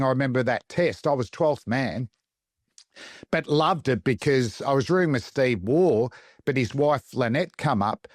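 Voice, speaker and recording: A man's voice: medium pitch, no echo. Man, Australian accent, middle-aged, chatty storyteller, dry sound. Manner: animated storyteller, acts out quotes in other voices, laughs often. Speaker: podcast co-host, former fast bowler. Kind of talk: casual anecdote-telling chat.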